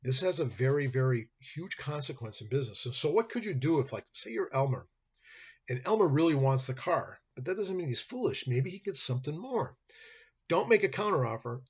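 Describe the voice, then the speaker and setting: A man's voice: mid-range voice, sing-song, fairly quick, husky. A man, a law professor, giving a conversational lecture and acting out little dialogues from his examples. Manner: acts out dialogue in hypotheticals, conversational. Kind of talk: recorded classroom lecture. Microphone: computer webcam mic. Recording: dull lo-fi webcam recording.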